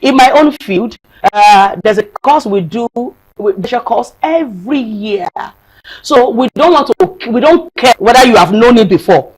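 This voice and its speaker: A woman's voice: a little high, animated, normal speed, darkish tone, breathy edge, low-quality recording. Emphatic woman counselor. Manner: earnest, emphatic, repeats phrases for stress. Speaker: psychologist and marriage counselor. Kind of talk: studio talk show guest.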